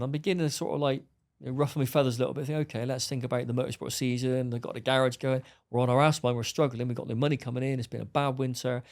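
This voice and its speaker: Gravelly-voiced middle-aged man, quick and blunt, a guest spinning a story. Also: medium pitch, flat delivery, a little mellow. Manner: blunt, swearing, acts out dialogue. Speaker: podcast guest. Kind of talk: storytelling interview.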